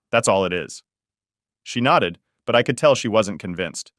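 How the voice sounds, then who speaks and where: A man's voice: on the low side, expressive, moderate pace, a bit bright, no echo, clean studio sound. A man narrating a first-person family story in a casual, blunt way that swears freely.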